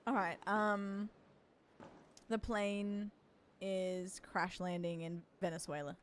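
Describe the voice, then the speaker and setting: A woman's voice: medium pitch, flat delivery, takes it slowly, a little hiss or hum. A woman in her thirties with an Australian accent, streaming and chatting playfully while gaming. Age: 30s. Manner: playful, giggly. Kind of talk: casual gaming chat.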